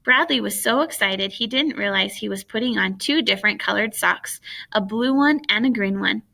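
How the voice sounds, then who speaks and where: A woman reading a children's book aloud in plain, steady storytelling. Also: medium pitch, normal speed, creaky. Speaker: audiobook reader.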